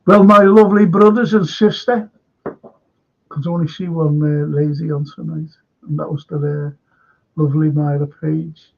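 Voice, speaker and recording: An older Liverpudlian man hosts a casual live stream, his voice gravelly and husky and pitched a little high for a man. He rambles through opinions and greets chatters by name, and it all comes through dull, lo-fi stream audio. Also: fairly even intonation, moderate pace. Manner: rambling, chatty, greets viewers and reads chat comments. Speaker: live stream current affairs host.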